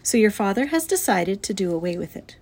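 Woman doing a brisk, no-nonsense farm mother. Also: mid-range voice, sing-song, a little mellow. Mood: firm. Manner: brisk, matter-of-fact. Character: firm, practical farm mother.

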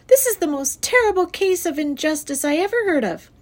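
A woman voicing an upset eight-year-old farm girl, pleading in a shrill, tearful voice for a storybook reading. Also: measured pace. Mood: distraught.

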